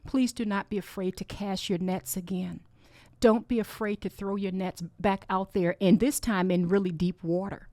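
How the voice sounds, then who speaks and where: A woman's voice: mid-range voice, fairly even intonation, moderate pace, dark tone, dry recording. Earnest woman giving a faith talk. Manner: earnest, encouraging, emotional. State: tearful. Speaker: podcast host. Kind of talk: faith-based inspirational talk.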